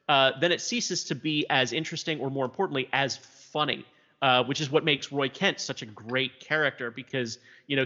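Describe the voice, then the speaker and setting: A man from South Louisiana muses casually about television, circling his points with frequent fillers. His voice sounds bright and forward. The recording is dull and lo-fi, with a long reverb tail. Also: mid-range voice. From South Louisiana, USA. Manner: thoughtful, hesitant, many fillers.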